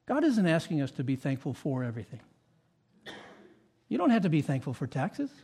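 Man preaching a lively sermon. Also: on the high side, a little fast, slightly rough. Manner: dynamic preaching, swinging from loud emphasis to quiet reflection. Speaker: pastor.

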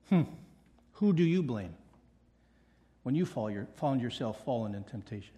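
A man's voice: mid-range voice, expressive, moderate pace, long pauses, mellow, slightly rough. A middle-aged male pastor preaching a sermon with emphatic repetition and playful asides.

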